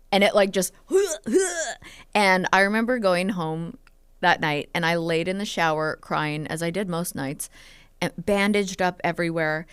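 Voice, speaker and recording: A woman's voice: fairly low pitch, fairly bright tone, smooth, no echo. A woman in her thirties, a podcast guest, chatting openly and telling personal stories with many "like"s and "um"s. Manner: open, storytelling, lots of "like" and "um". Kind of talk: casual podcast chat.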